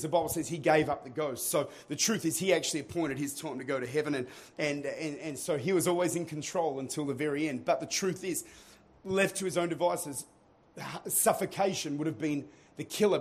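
A man preaching a sermon to his church, moving between quiet teaching and loud, rousing calls to the congregation. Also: fairly high pitch. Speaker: pastor. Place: church auditorium.

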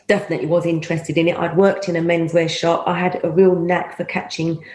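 A middle-aged woman, a former police officer telling stories in an interview. She talks in a lively way, laughs often and acts out the voices of people she quotes. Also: fairly low pitch, a little fast. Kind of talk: anecdotal storytelling. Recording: roomy echo.

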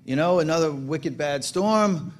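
A man's voice: a little high, a little slow, pitched above the performer's own voice, lightly acted. A man imitating a flustered mayor with a Boston accent, stammering and at a loss for words. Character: flustered male big-city mayor, speechless.

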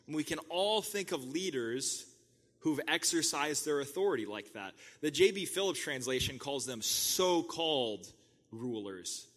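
A man's voice: on the high side, big pitch swings, measured pace, a bit bright, in a large hall. A man preaching a sermon as the pastor of his church, talking in a conversational way and laughing at his own stories.

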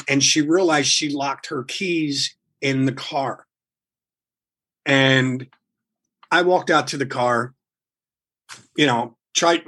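A man guest telling a long story in a casual, animated way, swearing freely and rambling with restarts. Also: medium pitch. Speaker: guest musician.

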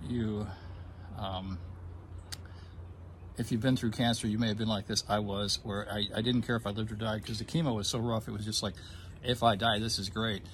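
A man telling a personal story in casual conversation, halting with fillers and restarts and getting emotional at times. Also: lowish voice, level tone, slight background noise. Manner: emotional, gets choked up. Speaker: guest telling his story.

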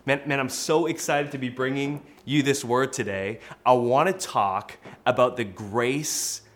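A man in his forties preaching a sermon in church, telling stories with energy and bursts of loud exclamation. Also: medium pitch, unhurried. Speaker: pastor.

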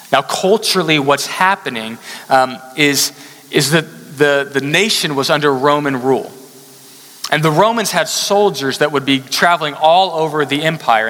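A man preaching a sermon, chatty and animated, telling stories with casual asides. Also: fairly high pitch. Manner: conversational, animated storytelling with asides. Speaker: pastor. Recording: hall reverb.

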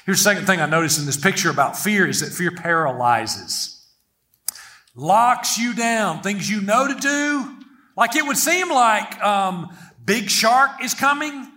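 A middle-aged man preaching a sermon, energetic and playful, with humor and stories, leading the congregation in repeating a verse aloud. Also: high voice, measured pace. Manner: energetic, playful, leads the congregation in call-and-response.

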